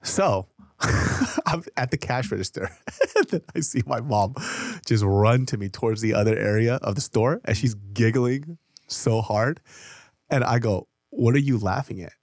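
A man co-hosting a podcast, chatting casually and telling animated, profane stories. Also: mid-range voice, moderate pace, no echo, clean studio sound. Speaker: podcast co-host. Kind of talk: casual chat.

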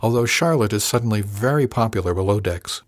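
A man voicing a smug, playful young female crew member in an audiobook, lifting his voice higher for her teasing lines. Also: lively intonation, brisk, no echo, clean studio sound, lightly acted.

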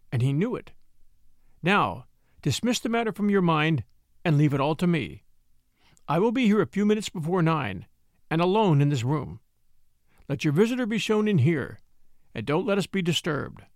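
A calm gentleman speaks gently and reassuringly, voiced by a male reader. His pitch moves easily and expressively, and the recording is close and dry. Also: normal speed, pauses often, dry recording. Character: calm, kind-seeming gentleman stranger.

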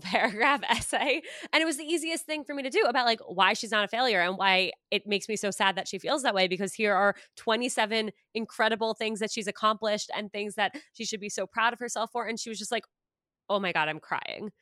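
A woman's voice: medium pitch, no echo, studio quality. A woman hosting a podcast, chatting casually and enthusiastically with her guest. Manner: enthusiastic, quick bursts of excitement. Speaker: podcast host. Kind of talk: casual conversational interview.

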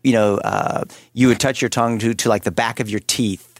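A man of medium pitch chatting on a podcast. He explains things haltingly, repeating words as he goes. The sound is close and dry. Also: steady tone, dry recording. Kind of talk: casual podcast chat.

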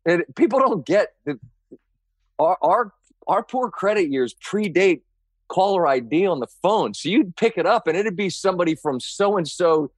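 A man's voice: high voice, expressive, normal speed, no echo. A middle-aged male sports broadcaster chatting as a podcast guest, laughing and riffing playfully. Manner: laughing, playful, riffs on the host's stories. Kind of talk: casual chat.

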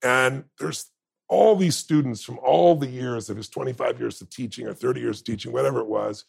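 Brisk, mid-range and slightly rough with vocal fry, a man guests on a podcast, sharing emotional stories in conversation in an intense, earnest, emphatic manner.

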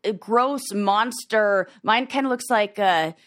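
A woman's voice: mid-range voice, slow pace, fairly bright tone. A woman hosting a podcast, chatting casually and encouragingly, with frequent "like" fillers. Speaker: podcast host; therapist-like coach. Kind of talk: casual chat and read ad.

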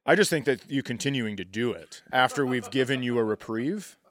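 A man from San Jose co-hosting a comedy podcast, bantering in a teasing, animated way. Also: medium pitch, brisk. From San Jose, California, US. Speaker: podcast co-host. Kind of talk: casual comedic chat.

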